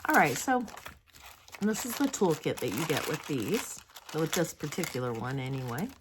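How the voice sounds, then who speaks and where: A sleepy, yawning woman hosts a crafting video, talking in a loose, rambling way full of hesitations. Her voice sits low in pitch. Faint noise can be heard behind her. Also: sing-song, normal speed. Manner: rambling and chatty, with frequent hesitations. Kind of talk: casual product review chat.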